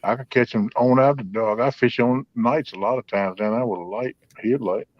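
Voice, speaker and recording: A man's voice: mid-range voice, normal speed, no room sound. Folksy man in his fifties. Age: 50s. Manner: folksy, drawling, heartfelt. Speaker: host. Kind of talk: casual storytelling chat. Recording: dull lo-fi sound, dry.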